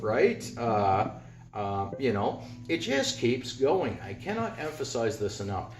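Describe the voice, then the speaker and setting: This man speaks slowly in a mid-range voice, sounding very animated as he rambles bluntly through a casual guitar lesson at home, humming notes while he plays. He's a guitar teacher working in his home garage. Loud electric guitar fills a roomy, dull lo-fi recording.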